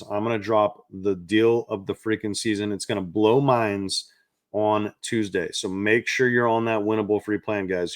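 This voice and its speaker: Hyped low-voiced betting host. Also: male voice, dry recording, studio quality. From not from the South. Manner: hyped, salesy, repeats phrases. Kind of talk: energetic betting-picks monologue.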